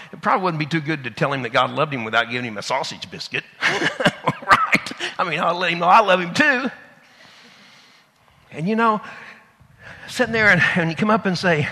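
A man's voice: sits high, bright, forceful tone, long reverb tail. A middle-aged man, preaching a conversational sermon as pastor and acting out little asides.

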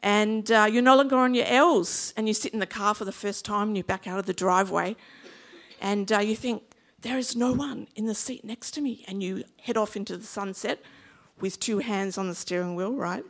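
A woman's voice: medium pitch, fairly even intonation, normal speed. A woman in her fifties with an Australian accent, preaching a sermon in a chatty, humorous way and drawing in the congregation. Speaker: pastor.

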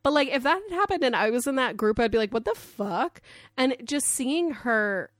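A woman co-hosting a podcast, recapping a show in animated casual chat, swearing freely and acting out the characters' lines. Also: sits high, a little fast, dry recording, studio quality. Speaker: podcast co-host.

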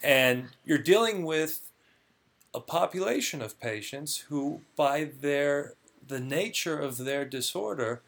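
A man's voice: on the high side, expressive, slow pace, creaky, fairly bright tone. A man being interviewed, explaining a job earnestly and often repeating words as he starts a thought. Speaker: clinical research guest. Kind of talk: conversational interview.

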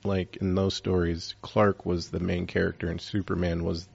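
A man's voice: sits low, level tone, normal speed, vocal fry, a little mellow, breathy edge, muffled recording. A man hosting a casual chat, rambling with lots of fillers.

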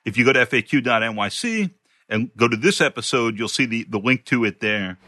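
A man hosts a podcast with a bright, forceful voice recorded dry and close. He speaks in a friendly, casual way, pausing on small fillers as he goes. His pitch is ordinary for a man. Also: expressive, no room sound. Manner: friendly, a little halting, with fillers. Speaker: podcast host.

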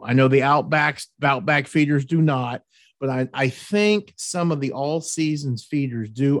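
A man's voice: medium pitch, no room sound, studio quality. A man hosting a hunting show, talking in a folksy, repetitive, pushy way. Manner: folksy, repeats words, pushy about tips. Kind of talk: casual podcast chat.

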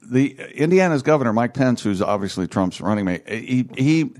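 A man's voice: mid-range voice, lively intonation, darkish tone. Older man, rambling casual chat. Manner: rambling, halting with many uhs.

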